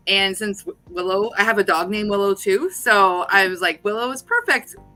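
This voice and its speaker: A woman's voice: mid-range voice, animated, normal speed, bright, forceful tone, faint music behind. A woman from Canada, a guest talking casually about her paranormal channel. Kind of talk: casual interview chat.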